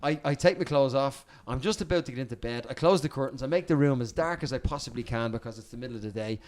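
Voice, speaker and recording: An Irish man, a podcast guest, telling a cheeky, lively anecdote and swearing freely as he goes. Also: mid-range voice, fast.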